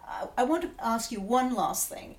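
A woman's voice: a little high, lively intonation, normal speed, echoey room. A woman interviewer asking long, articulate questions in an enthusiastic way.

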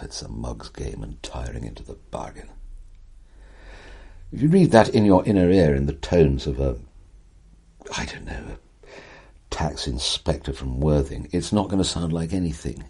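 Speaking as a guest in an interview, this older man has a remarkably deep, husky voice with a slightly mellow quality. His animated, conversational storytelling is eloquent, wry and theatrical, reaching for vivid turns of phrase. Rhythm and emphasis drive his pacing.

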